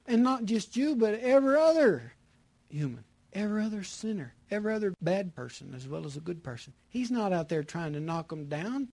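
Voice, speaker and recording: A man preaching a sermon, repeating his phrases with emphasis and moving between loud bursts and hushed lines. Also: sits high, big pitch swings, fairly quick, vocal fry, dry recording.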